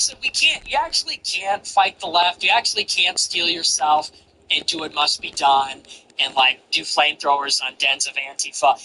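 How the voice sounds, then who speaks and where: A man's voice: fairly high pitch, normal speed, sharp tone, a little hiss or hum, low-quality recording. A man giving blunt, profane, mocking casual political commentary.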